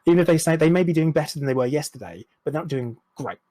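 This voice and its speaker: A man's voice: fairly high pitch, animated, very fast, warm tone, no room sound, rough recording. A man, speaking frankly and reflectively as a podcast guest, swearing now and then. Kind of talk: candid interview chat.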